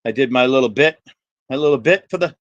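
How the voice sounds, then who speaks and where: A man's voice: medium pitch, quick pace, no echo, dull audio. A man hosting a livestream, chatting with viewers by name in a rambling, profane, jokey way. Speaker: livestream host.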